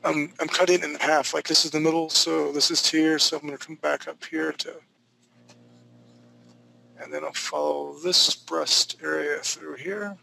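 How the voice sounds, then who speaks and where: A man's voice: on the high side, fairly even intonation, moderate pace, gravelly, sharp tone, a little hiss or hum, low-quality recording. A man teaching a live online drawing class from home, talking loosely and jokingly as he thinks aloud while he draws. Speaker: drawing instructor. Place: home studio.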